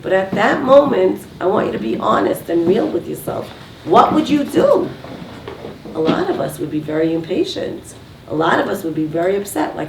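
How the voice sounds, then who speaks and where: Low gravelly woman giving a talk to a crowd, asks lots of questions, mic kinda far off in an echoey room. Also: normal speed. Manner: lively, asks rhetorical questions. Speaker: speaker giving a talk on relationships. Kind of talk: lecture to a live audience. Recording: roomy, distant mic, faint noise.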